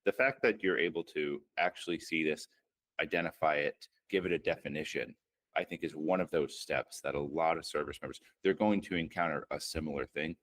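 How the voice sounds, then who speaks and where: A male interviewer asking a guest a reflective question in a measured way. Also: a bass voice, fairly even intonation, a bit bright, no echo. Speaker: interviewer, host.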